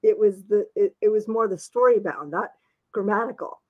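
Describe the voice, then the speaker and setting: A woman's voice: mid-range voice, moderate pace, lo-fi sound. Chatty, laughing woman author. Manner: chatty, laughs often, self-deprecating. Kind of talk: casual chat.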